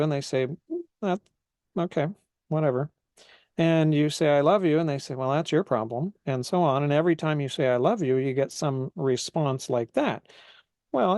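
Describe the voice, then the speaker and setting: A man's voice: a little high, darkish tone, no room sound, studio quality. A man preaching a teaching talk, earnest and repetitive, often asking "right?". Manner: earnest, repeats phrases, asks "right?" often.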